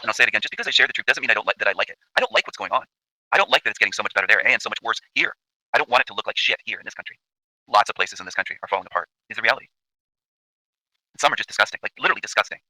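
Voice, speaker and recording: Fast, profane, ranting Canadian man. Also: lowish voice, animated, sharp tone, rough recording. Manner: emphatic, profane, repetitive. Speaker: channel host. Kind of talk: ranting commentary over video.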